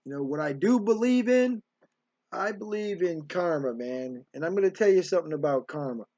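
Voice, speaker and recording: A man's voice: a little high, animated, moderate pace, dark tone, dull audio. A middle-aged man telling stories from his life in a rambling, streetwise way, recorded in a hotel room. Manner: rambling, streetwise, peppers lines with "man" and "right". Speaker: storyteller. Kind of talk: casual storytelling monologue.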